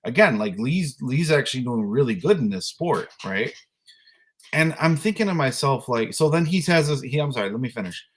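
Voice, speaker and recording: Animated man ranting about coaching. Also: mid-range voice, moderate pace. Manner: animated, exasperated ranting with mimicked voices. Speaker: podcast co-host, youth flag football coach. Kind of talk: casual storytelling chat.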